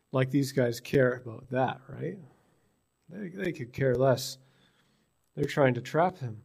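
Slow, creaky, and slightly rough, with long pauses in his mid-range voice, a pastor from British Columbia, Canada, preaches in a Newfoundland church. He addresses the congregation conversationally, posing rhetorical questions.

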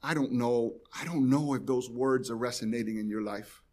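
A man's voice: mid-range voice, normal speed, darkish tone. A man preaching a sermon, speaking with pleading intensity and addressing his listeners directly, repeating phrases for emphasis. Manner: pleading, rising and falling in intensity.

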